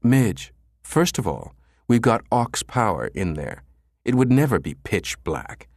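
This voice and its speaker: A man's voice: lowish voice, very animated, unhurried, darkish tone, no echo, clean studio sound, pitched above the performer's own voice, exaggerated voice. A man voicing a sarcastic male computer technician who grumbles and jokes drily. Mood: grumbling.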